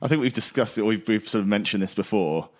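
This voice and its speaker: A man's voice: lowish voice, expressive, fast. A man co-hosting a casual cricket podcast, rambling and hesitant, repeating words and laughing along. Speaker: podcast co-host.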